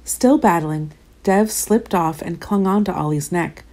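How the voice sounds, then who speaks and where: A woman narrating a children's storybook aloud in an expressive, animated way. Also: lowish voice, a little slow.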